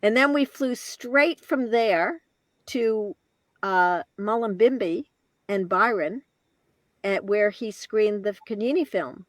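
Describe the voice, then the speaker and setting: A woman in her later years, a guest telling a personal story in an interview, reflective and halting, with restarts and soft laughs. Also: medium pitch, no room sound.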